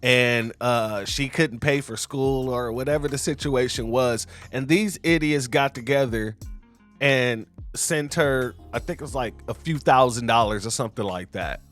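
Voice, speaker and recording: A male commentary host who talks slowly and deliberately. His tone is sarcastic and measured, and he addresses his audience directly as family. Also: mid-range voice, fairly bright tone, faint music behind. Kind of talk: video commentary.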